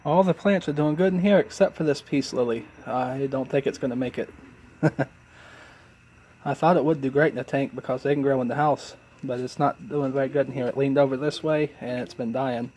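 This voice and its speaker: A man's voice: medium pitch, moderate pace. Congested man chatting about his pets. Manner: relaxed, chatty, apologetic asides. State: congested from illness. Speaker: pet keeper filming his animals. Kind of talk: casual narration while filming. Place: home, dimly lit room with tanks.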